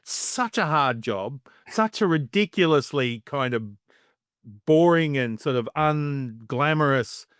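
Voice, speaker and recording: A man's voice: fairly high pitch, animated, slow, fairly bright tone, smooth, dry recording, studio quality. A man hosting a podcast, enthusiastic and rambling, with lots of "you know" and "right" as he talks. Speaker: podcast host. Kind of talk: casual podcast conversation.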